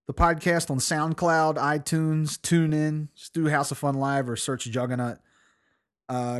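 A man hosting his own podcast alone, telling rambling, profane, self-mocking stories with bursts of laughter. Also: medium pitch. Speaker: podcast host. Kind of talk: casual solo storytelling.

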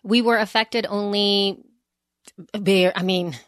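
A woman's voice: mid-range voice, steady tone, slow, dry recording, clean studio sound. A woman co-hosting a podcast in casual chat, talking in a rambling way with many restarts and easy laughter. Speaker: podcast co-host.

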